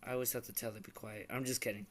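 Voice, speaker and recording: A man's voice: medium pitch, flat delivery, racing, a bit bright. A young man chatting casually on a couple's vlog, earnest and rambling, with many restarts. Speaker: vlogger.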